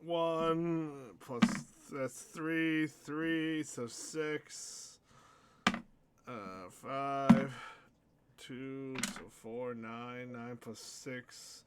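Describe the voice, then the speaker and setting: A man's voice: mid-range voice, steady tone, drawn-out words, very noisy. A tipsy man running a casual tabletop game as game master, joking and laughing often. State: tipsy from drinking.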